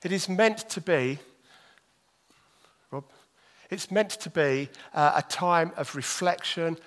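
A man giving a sermon, reading scripture slowly and then talking in an animated, self-deprecating way. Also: fairly high pitch. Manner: animated, self-deprecating, moves his arms as he talks; reads scripture slowly and deliberately. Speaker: preacher.

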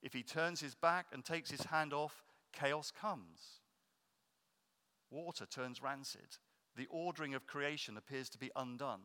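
A man preaching a sermon, explaining earnestly and slowing down to stress key points. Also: medium pitch, bright, forceful tone, smooth. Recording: long reverb of a hall.

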